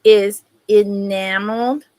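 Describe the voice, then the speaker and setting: A woman's voice: mid-range voice, steady tone, slow pace, mellow, no room sound. A woman hosting a casual live-stream sale, chatting with viewers by name while she shows pieces. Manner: chatty, greets viewers by name, talks while handling items.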